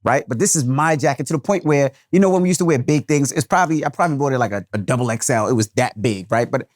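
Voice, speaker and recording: A man telling a long story on a podcast, his pitch leaping up and down as he builds it. He curses freely and keeps checking in with his co-host. The sound is dry and close, with no room around it. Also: fast, no echo. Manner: animated, profane storyteller. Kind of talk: casual storytelling chat.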